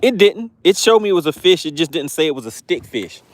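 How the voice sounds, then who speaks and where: A man's voice: a little high, big pitch swings, a little fast, no echo. Georgia man hosting a fishing livestream. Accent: Southern US, Georgia. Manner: chatty, reads viewer comments aloud with amused asides. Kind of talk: casual livestream chat reading comments. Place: on a boat on a lake outdoors.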